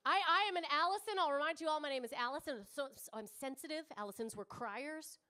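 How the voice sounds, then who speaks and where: A woman's voice: sits high, fast, pushed and bright. A woman in her thirties doing a brash, swearing stand-up comedy set on a club stage, chatting with the crowd. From Canada.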